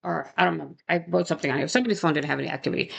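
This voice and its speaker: Speaking in a low, creaky voice at a racing pace, a young woman chats casually about a true crime case. Her talk wanders, she backtracks to fix her own statements, and rhetorical questions come often.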